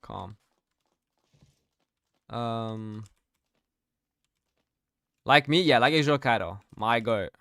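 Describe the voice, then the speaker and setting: A man's voice: mid-range voice, drawn-out words, vocal fry, pauses often, a bit bright, no room sound, studio quality. A young man streaming a game, chatting casually, reading out his chat and laughing often. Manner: slangy, reads chat aloud, laughs often.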